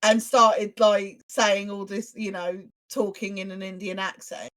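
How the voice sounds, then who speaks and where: A young woman on a casual podcast chat, telling animated anecdotes and acting out the other voices in them. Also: mid-range voice, a little slow. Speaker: podcast co-host.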